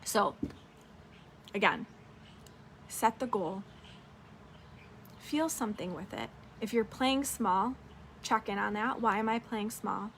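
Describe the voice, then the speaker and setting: A woman's voice: medium pitch, expressive, takes it slowly, pauses often, fairly bright tone, slight background noise. A woman business coach giving a casual, upbeat motivational talk, swearing freely and talking straight to her listeners.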